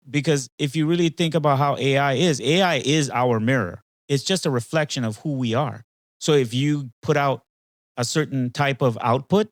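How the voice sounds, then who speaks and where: A man's voice: medium pitch, dry recording. A man hosting a casual talk with an AI companion, rambling and hesitant, with frequent fillers and restarts. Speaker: podcast host.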